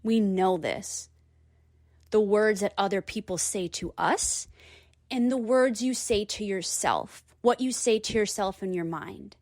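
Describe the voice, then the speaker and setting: A woman's voice: on the high side, no room sound, studio quality. A woman in her thirties telling a personal story and giving earnest, encouraging advice. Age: 30s.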